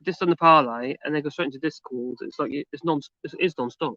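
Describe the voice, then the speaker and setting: A man's voice: on the high side, brisk, bright, forceful tone, no echo, muffled recording. A man co-hosting a casual livestream, chatty and practical, laughing often. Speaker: livestream co-host.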